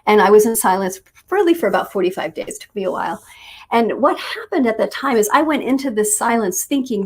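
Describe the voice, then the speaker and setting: A woman spiritual teacher giving an unhurried talk, telling a personal story with thoughtful pauses. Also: fairly high pitch, animated, darkish tone, breathy edge.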